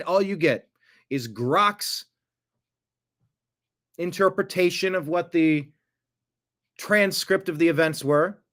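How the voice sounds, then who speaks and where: A man delivering solo political commentary, reading a transcript aloud. His voice sits a bit high for a man, and he speaks in an indignant, emphatic way, restarting words as he pushes his points. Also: fairly bright tone.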